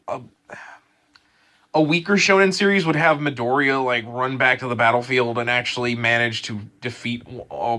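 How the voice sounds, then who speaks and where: A man casually rambling through an anime episode review, full of fillers, restarts and excitement. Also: mid-range voice.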